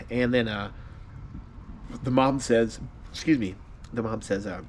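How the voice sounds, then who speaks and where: A man tells a personal story to camera in an easygoing, animated way, his voice sitting at an ordinary middle pitch. He breaks into laughter often as he goes. Faint noise hums behind him. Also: fairly quick. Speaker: vlogger.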